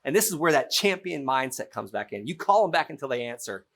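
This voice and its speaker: Middle-aged guy teaching real estate, super lively up and down voice, acts out the phone call. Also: medium pitch, fairly quick. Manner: animated storytelling, playful role-play. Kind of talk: teaching through an acted-out example.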